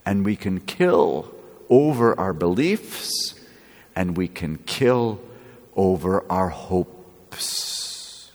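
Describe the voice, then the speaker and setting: A man preaching a sermon, slow and lively, with playful asides. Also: low-pitched. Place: church. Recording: echoey church with long reverb.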